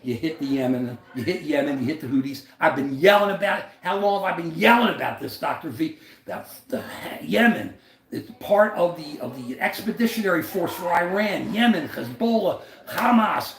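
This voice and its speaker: A man's voice: moderate pace, gravelly, roomy sound. An American man hosting a casual livestream, rambling and laughing as he talks. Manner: animated, rambling, laughing, mimics friends in high voices. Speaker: livestream host.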